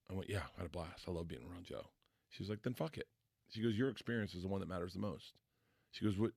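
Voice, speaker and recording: A middle-aged man tells stories as a podcast guest in an animated, self-deprecating way. He swears often and acts out the voices of people in his anecdotes. His voice sits fairly low and is recorded close and dry. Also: no echo. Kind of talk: casual storytelling.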